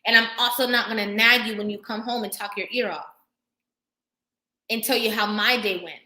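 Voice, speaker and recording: A woman's voice: mid-range voice, steady tone, bright, forceful tone. Preachy woman streaming live in an echoey room. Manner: preachy and emphatic, pausing to thank viewers for comments. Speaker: vlogger hosting a live stream. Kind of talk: impassioned live-stream talk. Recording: roomy echo.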